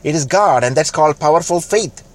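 A man preaching a fervent sermon, building to loud exhortation and dropping to quiet, slowed lines. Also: fairly high pitch, expressive. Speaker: pastor.

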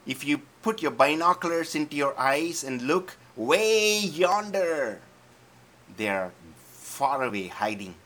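Preacher putting on a loud, sneering giant in a sermon story, high and brash; pushed up well above his own voice. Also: lively intonation, takes it slowly. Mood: boastful. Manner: bellowing taunts, loud and pitched up. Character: boastful giant man, arrogant and mocking.

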